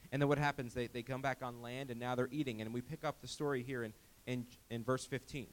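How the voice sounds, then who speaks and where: A pastor preaching a sermon, emphatic and animated, often restarting his words as he retells a Bible story. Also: medium pitch, slight background noise.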